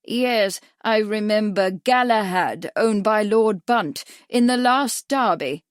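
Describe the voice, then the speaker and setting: A woman voicing a gruff, crafty, hard-of-hearing old male doctor who asks brusque, clipped questions. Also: mid-range voice, slow pace, no echo, studio quality, lightly acted. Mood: curt.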